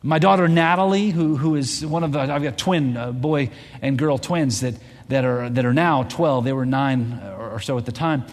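A man in his forties, a pastor telling a family story in a sermon, animated and full of restarts. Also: medium pitch, normal speed. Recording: long hall reverb.

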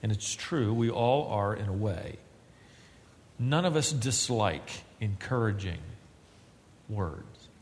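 A man preaching a sermon as pastor, earnest and building to loud, emphatic climaxes. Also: fairly low pitch, expressive, slow, long pauses, slight background noise. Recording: long reverb of a large hall.

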